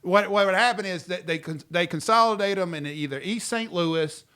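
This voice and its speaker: A man, an attorney co-hosting a casual podcast chat in an animated, joking way, often cutting in. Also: high voice, normal speed, clear, resonant tone. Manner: animated, jokey, interrupts often.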